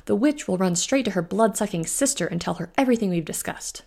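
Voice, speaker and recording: A woman's voice: mid-range voice, lively intonation, fast, creaky, a little mellow. A woman voicing a suspicious female werewolf alpha who snaps her lines. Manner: snappish, suspicious.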